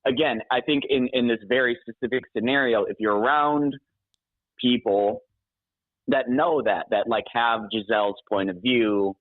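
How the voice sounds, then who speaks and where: A man's voice: medium pitch, normal speed, no echo. A man calling in by phone, chatting casually, rambling with frequent restarts and laughs. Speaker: caller. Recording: tinny phone line.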